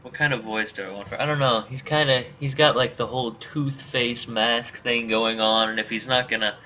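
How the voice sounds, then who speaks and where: Chatty bright-voiced man gaming. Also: medium pitch, fairly even intonation, normal speed. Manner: chatty, self-deprecating. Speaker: gamer. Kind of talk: casual let's-play commentary. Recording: dull lo-fi with faint hiss.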